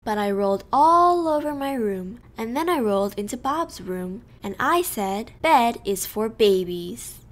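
A woman reading a children's picture book aloud, slow and expressive, telling it in a child's first-person voice. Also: on the high side. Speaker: storyteller. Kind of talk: children's storybook read-aloud.

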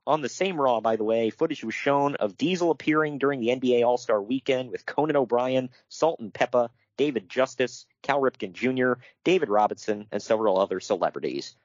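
This podcast co-host speaks briskly in a mid-range voice with hardly any pauses, recorded without echo and with the highs cut off. He reads from his notes and riffs on them, wry and laughing often, on a casual show.

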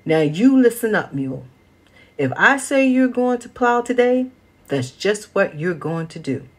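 A woman voicing a stern old grandfather farmer in a storybook, gruff and scolding. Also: lowish voice, very animated, slow pace, full character voice.

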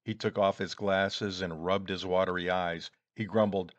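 A man reading a first-person story aloud in a measured, deliberate way. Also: low voice, little pitch movement, dry recording, highs cut off. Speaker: audiobook reader.

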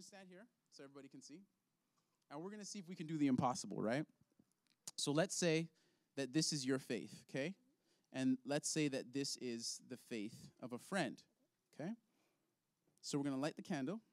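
A man's voice: medium pitch, animated, normal speed, long pauses, dry recording. A man leading an object lesson for kids in a children's ministry, upbeat and playful, laughing often.

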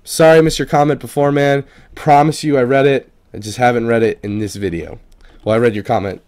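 A man's voice: medium pitch, fairly even intonation, a little fast, darkish tone. Casual, profane gaming video man. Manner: loose and profane, swears casually; stumbles over unfamiliar names. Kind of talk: casual reading of viewer comments.

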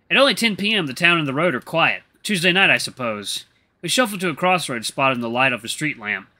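A man narrating a solo tabletop game, animated and chatty in his asides to viewers. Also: medium pitch.

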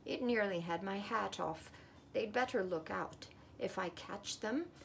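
A woman's voice: mid-range voice, a little slow, creaky, a little hiss or hum. A woman voicing an achy, cross old scarecrow who complains and threatens, in a storybook reading.

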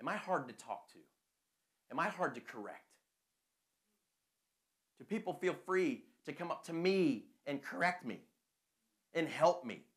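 A man's voice: fairly high pitch, expressive, measured pace, long pauses. A man preaching a conversational sermon full of rhetorical questions.

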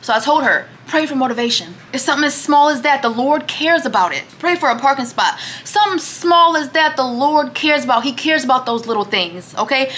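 Bright-voiced young woman vlogging. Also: high-pitched, slight background noise. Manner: lively, teasing, often calls people baby. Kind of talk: casual vlog chat. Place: home kitchen.

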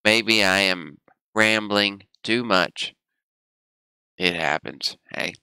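Low slow guy streaming, hurting and teary, groaning, bright clear voice, dry sound. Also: dry recording. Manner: rambling, groaning and gasping from spicy heat. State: in pain, teary, nose running. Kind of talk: casual livestream chat.

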